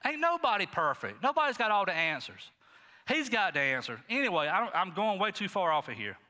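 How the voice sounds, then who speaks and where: A middle-aged male pastor preaching a sermon in a folksy, animated way, talking straight to the congregation. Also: high voice, fairly quick, in a large hall. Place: church sanctuary.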